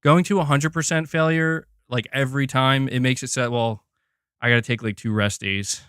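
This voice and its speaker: Bright-voiced young male streamer. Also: mid-range voice, moderate pace, smooth, dry recording, studio quality. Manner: excitable, reads out member gifts, chats while exercising. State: straining while doing curls. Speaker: livestream host. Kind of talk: casual live-stream chat.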